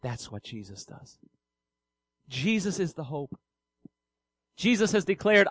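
Earnest high-voiced preacher. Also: male voice, very animated, slow, fairly bright tone, no room sound, rough recording. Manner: earnest, rhetorical questions answered himself. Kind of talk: sermon.

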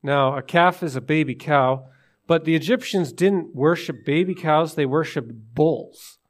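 A man's voice: on the high side, measured pace. A man preaching to his congregation, retelling a scripture story and asking listeners questions. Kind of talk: sermon.

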